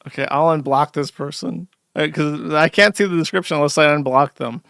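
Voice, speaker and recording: A man's voice: on the high side, brisk, vocal fry, hardly any pauses, a bit bright, clear, resonant tone, no room sound, studio quality. A male host giving a rambling, sarcastic livestream commentary with frequent restarts.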